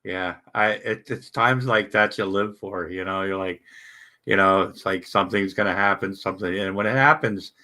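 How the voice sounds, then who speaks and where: A man in casual chat, animated and profane, rising loud when excited. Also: low-pitched, moderate pace.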